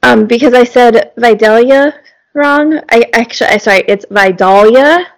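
Woman w a fry-heavy voice rambling thru a story, casual chat. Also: on the high side, moderate pace. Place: lives in Georgia.

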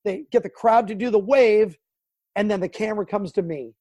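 Brief: middle-aged sports broadcaster, lively storyteller, high voice, dry close sound. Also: male voice, moderate pace, no echo. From Southern California. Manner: animated storyteller, acts out quotes and sounds. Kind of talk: storytelling interview.

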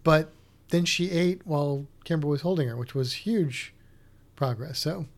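A man's voice: a little high, unhurried. A man co-hosting a podcast in casual, rambling chat, often restarting his sentences. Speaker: podcast co-host.

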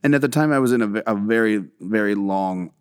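A man's voice: lowish voice, quick pace, clean tone, dry recording, clean studio sound. A man guest on a podcast, talking about filmmaking in a rambling, self-deprecating way, swearing often and restarting his sentences. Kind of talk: casual podcast interview.

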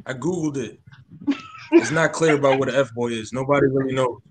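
A man hosting a casual panel discussion, laid-back and quick to laugh as he steers the talk. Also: medium pitch, noisy background.

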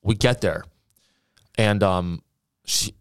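A young man co-hosting a podcast, telling a story in casual, animated talk with lots of swearing and acted-out quotes. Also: fairly low pitch, slow pace, clear, resonant tone, no room sound, clean studio sound. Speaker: podcast co-host.

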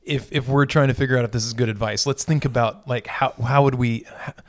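A man's voice: mid-range voice, fairly even intonation, fast talker, no room sound, studio quality. A man who is a pastor, in a casual conversation about faith, thinking aloud and often correcting himself.

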